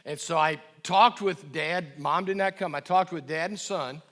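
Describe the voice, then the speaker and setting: A middle-aged man giving a parenting talk to a live audience, emphatic, stressing key phrases slowly and repeating them, and asking the audience questions. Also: a little high, a bit bright. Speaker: guest speaker on parenting. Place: church hall.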